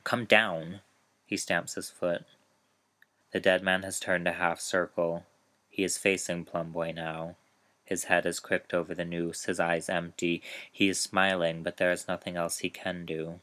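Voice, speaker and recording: A man with a very low, even voice reads a grim story aloud. He takes it slowly and keeps the telling measured, with little rise and fall. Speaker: author reading his story. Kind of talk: narrated story reading.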